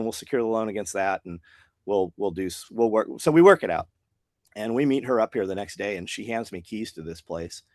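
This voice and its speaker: A man's voice: on the low side, brisk, dry recording. Guy rambling through a story, does little voices for the people in it, dry close mic. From Tennessee, US. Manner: animated storyteller acting out quoted dialogue. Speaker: podcast guest, business owner. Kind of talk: casual storytelling interview.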